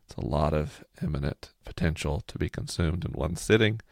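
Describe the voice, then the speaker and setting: Low raspy man with vocal fry. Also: moderate pace, dry recording, studio quality. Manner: relaxed, low-energy delivery. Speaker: podcast co-host. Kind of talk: casual podcast chat.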